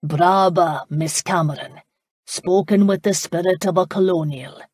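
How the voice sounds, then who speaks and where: A woman narrator voicing a proud, commanding Scottish laird with a genteel, rolling accent and a measured, lordly manner. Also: fairly low pitch, darkish tone, slightly rough, dry recording, clean studio sound. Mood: rousing.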